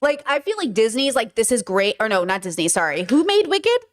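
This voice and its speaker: A woman's voice: a little high, big pitch swings, brisk. A woman hosting a podcast, giving frank, casual commentary full of "like" and "okay" and the odd swear word. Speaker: podcast host reacting to clips.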